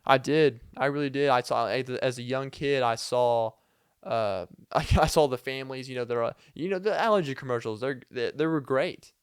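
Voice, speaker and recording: A young male podcast host with a smooth, clear voice at a middle pitch, wandering through a comic story with lots of fillers and little laughs. He is close on the mic, and the sound is dry with no room around him. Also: moderate pace, dry recording. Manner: loose, filler-heavy, chuckling asides. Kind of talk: rambling comedic storytelling.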